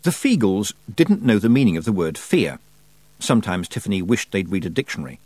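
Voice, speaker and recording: A man narrating an audiobook with expressive storytelling and wry timing. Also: fairly low pitch, fairly quick, dry recording.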